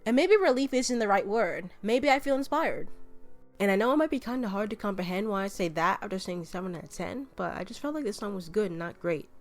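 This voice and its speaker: A young woman hosting a casual review vlog of musical songs, talking in a playful, jokey, excitable way. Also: medium pitch, a little fast, soft background music.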